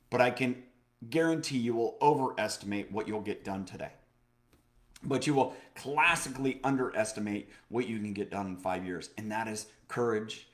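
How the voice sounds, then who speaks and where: A man co-hosting a casual chat show, telling a personal story in a lively, motivational way, with many fillers, restarts and repeated phrases. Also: medium pitch. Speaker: podcast co-host.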